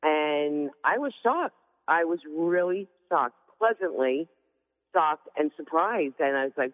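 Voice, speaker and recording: A woman calling in to a casual interview, candid and lively, acting out what others said. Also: low voice, a little slow. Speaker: guest caller. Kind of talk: casual interview over the phone. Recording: tinny phone line with long reverb.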